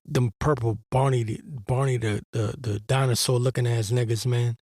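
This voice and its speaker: A man's voice: medium pitch, fairly even intonation, moderate pace, darkish tone, dry recording, clean studio sound. A man giving a blunt, profane religious monologue as host, in an exasperated and crude manner. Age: adult veteran.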